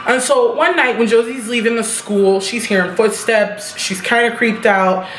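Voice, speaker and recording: A woman's voice: a little high, normal speed, a little hiss or hum. Chatty swearing woman in an echoey room. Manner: chatty and blunt, swears freely. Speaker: TV episode reviewer. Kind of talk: casual episode recap.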